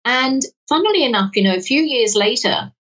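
A woman from the south-west London area, a guest in a podcast interview, telling stories in an animated way and acting out quoted dialogue. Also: fairly high pitch, fairly quick. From England, south-west London area. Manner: animated storytelling, acts out quoted dialogue, frequent restarts. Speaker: guest, lottery winner. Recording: dull sound from a distant mic.

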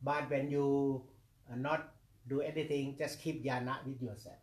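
Slow, repetitive meditation teacher. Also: male voice, medium pitch, level tone. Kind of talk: dharma talk. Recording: echoey room.

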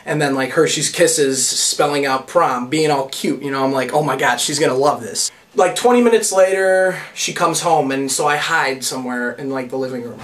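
A man's voice: fairly high pitch, normal speed, few pauses, a bit bright, far from the mic. Young man telling a story, a bit off-mic. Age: young adult. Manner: casual, exasperated, self-mocking. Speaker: vlogger. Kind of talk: comic storytelling to camera.

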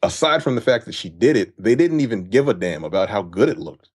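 A man's voice: on the low side, big pitch swings, fairly quick, a little mellow, slightly rough. A man co-hosting a casual film podcast, ranting heatedly and profanely. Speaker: podcast co-host.

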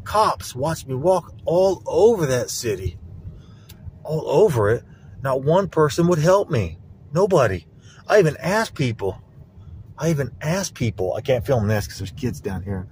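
A man's voice: mid-range voice, big pitch swings, unhurried, a little mellow, a little hiss or hum. A middle-aged man filming a rambling vlog on his phone outdoors. He talks in an aggrieved, accusatory way and keeps repeating himself. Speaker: vlogger. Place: outdoors, around a lake. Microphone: handheld phone.

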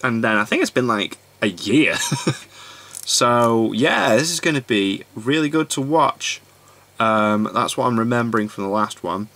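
A man's voice: mid-range voice, animated, unhurried, sharp tone. A man hosting a reaction video, chatting casually and laughing often. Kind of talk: casual commentary.

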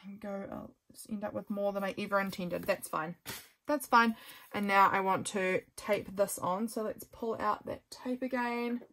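A craft vlogger chats casually with viewers while crafting, journal-with-me style, talking through each step with self-mocking jokes as her voice grows sore from talking. Her mid-range voice is a bit bright, with fairly even intonation at a normal speed.

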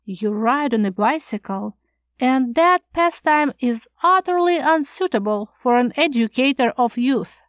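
A woman's voice: high voice, lively intonation, unhurried, no echo, studio quality. A woman doing a fretful, prim old schoolmaster. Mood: fretful lecturing. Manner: fretful, scandalized, lecturing. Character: fussy, anxious, prim older male schoolmaster.

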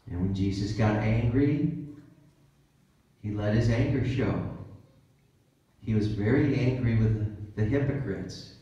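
A man's voice: on the low side, warm tone. A man preaching in a church in a conversational style, now and then acting out what people say. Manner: conversational preaching with acted-out quotes. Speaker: pastor. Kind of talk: sermon. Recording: dull, roomy church recording from a distance.

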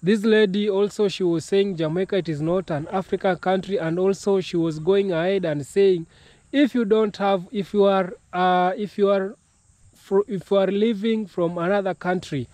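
A man from Kenya hosting a YouTube reaction video, speaking slowly in a halting way with many restarts. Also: high-pitched, fairly even intonation, darkish tone, dry recording. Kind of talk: casual reaction commentary.

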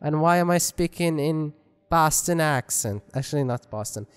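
Man, gameplay commentary, joking, rambling, slightly high voice, long reverb. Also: animated, moderate pace, clean tone. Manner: joking, rambling, self-mocking. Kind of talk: let's play commentary. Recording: long reverb with game music.

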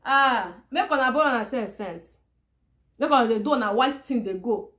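High-voiced sarcastic Nigerian Pidgin woman. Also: animated, moderate pace, a bit bright. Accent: Nigerian Pidgin English. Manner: sarcastic, repetitive and emphatic. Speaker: vlogger. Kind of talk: casual monologue to camera.

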